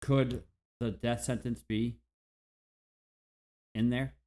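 A man's voice: medium pitch, level tone, slow, mellow. A man in a laid-back podcast chat, working through his ideas about a film as he talks. His sentences often restart mid-thought. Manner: thinks aloud, restarts sentences. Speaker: podcast co-host. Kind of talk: casual movie discussion.

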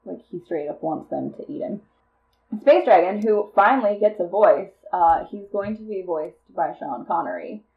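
A woman co-hosting a comedy podcast, casually pitching a movie plot with lots of fillers and frequent laughter. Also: lively intonation, moderate pace, phone-quality sound. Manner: rambling storyteller, laughs often, many fillers.

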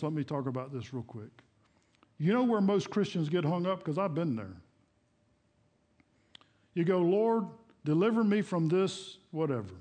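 A man's voice: fairly high pitch, darkish tone. A middle-aged male pastor preaching a sermon in a church, talking in a casual, folksy way and acting out prayers and quotes. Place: church sanctuary.

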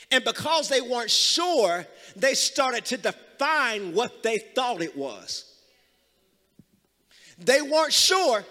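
A man pastor preaching a sermon, calling the congregation to repeat after him and building to loud, emphatic passages. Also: very high voice, big-room sound. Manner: call-and-response preaching, rising to loud emphasis. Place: church sanctuary.

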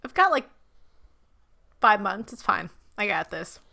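A woman co-hosting a travel podcast in casual chat, teasing her co-host in quick, playful banter. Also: medium pitch, big pitch swings, creaky, sharp tone.

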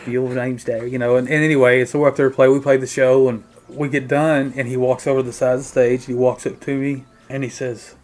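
A middle-aged man tells band stories in a relaxed interview, at a medium pitch. He talks with lively animation and slips into voices for the people he quotes. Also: fairly quick, hardly any pauses. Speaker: guest musician, drummer. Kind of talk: casual interview storytelling.

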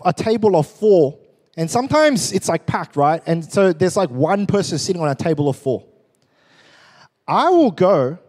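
Animated pastor in a reverberant hall. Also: male voice, sits high. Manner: animated, joking storyteller. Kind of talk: sermon.

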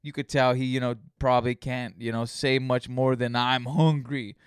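A man talks through a solo podcast episode, drifting from story to story and swearing freely. His mid-pitched voice is smooth and resonant. The sound is dry and close to the mic. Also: little pitch movement, normal speed, no room sound. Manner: rambling storytelling, heavy swearing. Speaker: podcast host. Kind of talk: casual solo podcast monologue.

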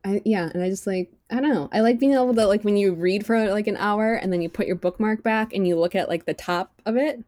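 A woman's voice: medium pitch, brisk, hardly any pauses, no room sound. Chatty young woman, dry close sound. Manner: chatty, animated storyteller with many fillers. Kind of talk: casual chat.

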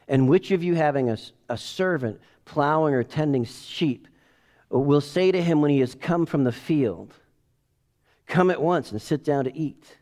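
A middle-aged man preaching as a pastor, emphatic, swinging from quiet asides to loud bursts and leading the congregation in call-and-response. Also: a little high, very animated, a little slow. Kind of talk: sermon.

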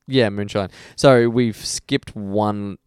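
A man's voice: on the low side, steady tone, slow pace, clean tone, no echo, studio quality. A man co-hosting a casual podcast, chatty and fond of telling jokes. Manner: chatty, tells jokes with voices. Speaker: podcast co-host. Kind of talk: casual chat.

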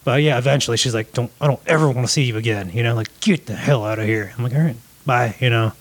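A man's voice: medium pitch, quick pace. A man chatting casually, telling a long story in a laid-back, profane way and often saying "dude". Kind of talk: casual chat.

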